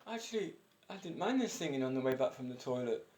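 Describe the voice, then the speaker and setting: A man's voice: mid-range voice, sing-song, fast, a little mellow. A breathless man in his fifties, chatting in a rambling, eccentric way and chuckling often as he talks to camera. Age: 50s. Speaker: vlogger. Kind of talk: casual personal monologue. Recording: roomy echo.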